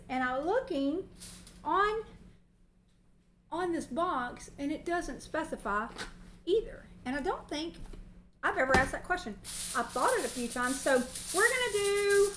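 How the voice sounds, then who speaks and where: A woman's voice: high-pitched, lively intonation, a little slow, pauses often, fairly bright tone, reverberant, slight background noise. A woman, hosting a casual cooking livestream from her home kitchen and talking in a long-winded, folksy way. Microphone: mic set on the counter.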